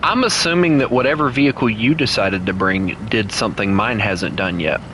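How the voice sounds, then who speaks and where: A man with a Southern US accent, streaming a game and chatting playfully with co-players, breaking into teasing and high shouts. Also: fairly quick, background noise. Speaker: gaming streamer. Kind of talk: casual gameplay chat with co-players.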